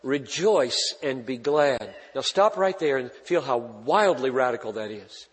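A man's voice: medium pitch, animated, measured pace. Impassioned preacher man in a reverberant hall. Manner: passionate, swings from loud emphatic peaks to quiet intimate asides. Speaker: pastor. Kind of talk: sermon.

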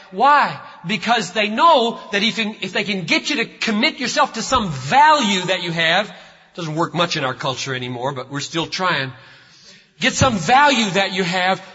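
A man preaching a sermon as pastor, emphatic, building to loud, slow declarations. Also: high voice, husky. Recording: lo-fi recording in a reverberant hall.

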